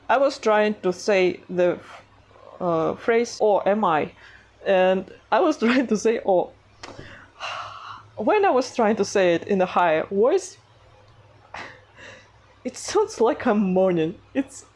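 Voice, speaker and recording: A woman with a non-native English accent talks through her art process in a casual vlog. She speaks slowly and hesitantly, with many fillers and self-conscious giggles. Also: medium pitch, a little mellow. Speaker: animation artist vlogger.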